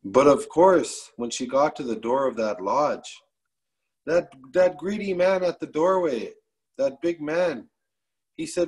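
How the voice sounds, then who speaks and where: Male oral storyteller from Canada. Measured and repetitive, slightly high, very unhurried. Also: animated, a little mellow. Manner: measured, repetitive, with frequent restarts.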